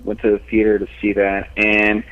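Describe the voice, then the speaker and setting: A man's voice: fairly low pitch, completely flat delivery, normal speed, a bit bright. Laid-back man on a tinny phone line. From United States. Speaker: podcast co-host. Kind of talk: casual podcast chat.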